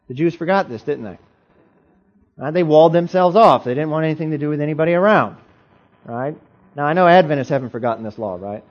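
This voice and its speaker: A man preaching to a congregation in a slightly high voice, playful and animated as he keeps asking the room questions. The recording is dull and lo-fi. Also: fast talker. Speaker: pastor. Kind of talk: interactive sermon. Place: church.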